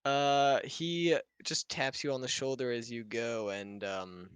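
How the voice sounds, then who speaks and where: A man's voice: medium pitch, fairly even intonation, slow pace, a bit bright, clean tone, dry recording. A man playing a tabletop game, describing his character's actions and often searching for words. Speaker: player. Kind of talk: casual game chat.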